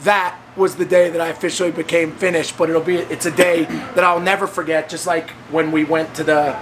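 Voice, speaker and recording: A man hosting, telling a story casually and acting out the voices he quotes with big leaps in pitch. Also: little pitch movement, brisk, noisy background. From United States. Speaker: host of the fitness training program.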